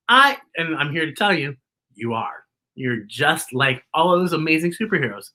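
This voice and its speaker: Lively bright woman reading to kids. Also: deep voice, moderate pace. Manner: playful, animated, talks straight to kids. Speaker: children's story host. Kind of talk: children's picture-book read-aloud.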